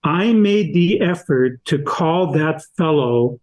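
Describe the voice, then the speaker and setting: An older man, a podcast guest and author, telling anecdotes slowly and deliberately in an interview. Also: a little high, lively intonation, a little mellow, poor audio. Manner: slow, deliberate anecdotal storyteller. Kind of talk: storytelling in an interview.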